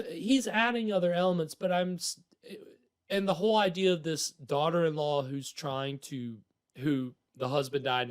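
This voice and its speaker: A man hosting a livestream, chatting casually about an old movie in a rambling, playful way, laughing often. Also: a little high. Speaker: livestream host.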